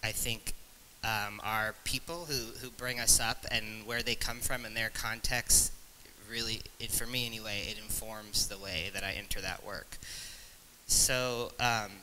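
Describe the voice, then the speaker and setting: A man in his forties talks on a conference panel in a reflective, halting way, often pausing to search for words. His voice is very bright and forward. A faint hiss of noise sits under the recording. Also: on the low side, fairly even intonation, rough recording. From Nebraska. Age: 40s. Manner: reflective, halting, many fillers and restarts.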